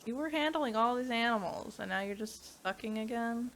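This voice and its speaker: Giggly bright-voiced woman streamer. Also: a little high, moderate pace, slight background noise. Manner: giggly, laughs often, reads chat aloud. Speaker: VTuber streamer. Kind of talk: casual gameplay stream chat.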